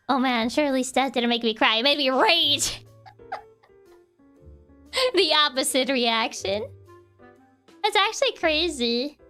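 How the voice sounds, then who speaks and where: A woman's voice: high-pitched, very animated, takes it slowly, pauses often, pushed and bright, faint music behind. A woman streamer in casual chat with her viewers. She is chatty, laughs often and fills her talk with "like". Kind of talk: casual chat while reading viewer messages.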